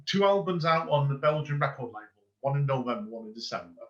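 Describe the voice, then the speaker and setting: A man's voice: mid-range voice, animated, fast talker, fairly bright tone. A man hosting a podcast, chatting casually and heaping rambling praise on his guest, often restarting his sentences. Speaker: podcast host. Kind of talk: casual interview chat. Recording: dull lo-fi recording.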